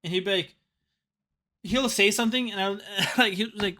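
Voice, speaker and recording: A man's voice: high-pitched, lively intonation, a little fast, pushed and bright. A young man co-hosting a casual gaming podcast, ranting jokingly and laughing often. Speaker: podcast co-host.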